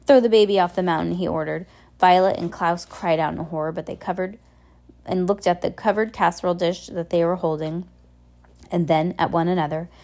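A woman reads a novel aloud in a plain, unhurried way. Her voice is fairly low, with a mellow, dark tone. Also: steady tone. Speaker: reader.

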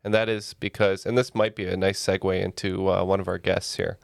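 Deadpan podcast guy, lowish voice, dry close sound. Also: fairly quick, vocal fry, no echo. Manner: wry, dry deadpan humor. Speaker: podcast co-host. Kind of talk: casual comedy chat. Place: podcast studio.

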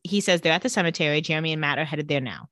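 A woman co-hosting a podcast, recapping a TV episode in casual chat and quoting the characters with animated voices. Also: sits low, very fast, no echo, clean studio sound.

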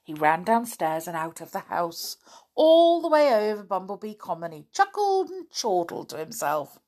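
A woman narrating a children's storybook gently and without hurry. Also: mid-range voice, big pitch swings, moderate pace.

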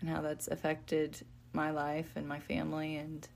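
Low, gravelly woman speaking slowly. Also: completely flat delivery, slight background noise. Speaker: podcast guest, author. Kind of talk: faith podcast conversation.

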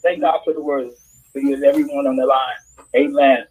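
A woman's voice: a bass voice, steady tone, fairly quick, a little mellow, slightly rough, poor audio. An older woman telling an emotional testimony on a church prayer call over the phone, breaking into praise. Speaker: prayer line participant.

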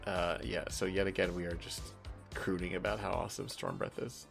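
Casting: male podcast host, lively pitch swings, easygoing and profane. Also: unhurried, vocal fry, soft background music. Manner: laid-back, laughing, swears casually. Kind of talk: casual chat.

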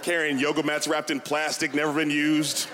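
A man performing a stand-up comedy set, telling animated stories and mocking voices. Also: fairly high pitch, moderate pace. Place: comedy venue with a live audience. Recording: loud crowd and noise.

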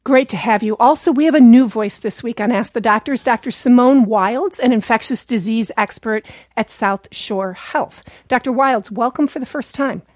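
A woman hosting a public radio talk show from home, her voice scratchy from a recent illness, conversational and brisk as she introduces guests and questions. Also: a little high, no room sound, clean studio sound. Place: home studio.

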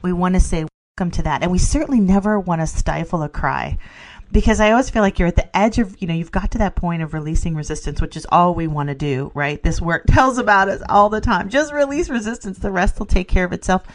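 Speaking quickly in a low-leaning voice, this middle-aged woman co-hosts a laid-back spiritual podcast. Her enthusiasm shows in frequent laughter and a habit of saying "you know."

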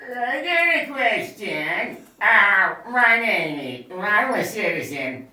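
A man putting on a slow, muddled male voter who stumbles over his words. His tone is bright and tense, and he drags out every phrase. Everything rings out in a roomy, echoing space. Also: high voice, very animated, voice pushed up, exaggerated voice. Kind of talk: improvised comedy acting. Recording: echoey room, distant mic.

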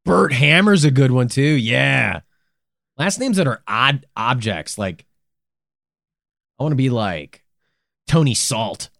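Male podcast co-host, casual banter, animated pitch, dry close mic. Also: slow, gravelly, pauses often, no echo. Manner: joking, swearing, playful bits. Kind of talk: casual chat.

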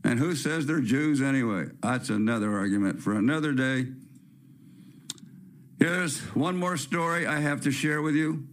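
A man's voice: medium pitch, normal speed. A man from California hosting a talk-radio show, delivering a blunt, rambling, opinionated rant. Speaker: host. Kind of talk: ranting talk-radio monologue.

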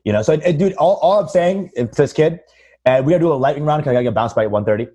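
A man's voice: fairly high pitch, expressive, very fast, warm tone, breathy edge. A young man in a casual comedy podcast chat, crude and riffing, saying dude a lot. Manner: crude, riffs with put-on voices, says dude a lot.

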